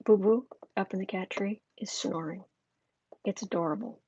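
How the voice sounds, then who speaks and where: A woman's voice: medium pitch, normal speed, warm tone, slightly rough, highs cut off. Chatty woman reading tarot live. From United States. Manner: chatty, thinking aloud with restarts. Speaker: tarot reader.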